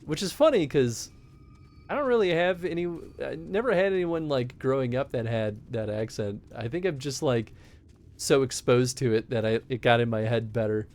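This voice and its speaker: A man's voice: mid-range voice, moderate pace, a little mellow. A man streaming a game, chatting casually and animatedly, laughing often. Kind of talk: casual gameplay chat.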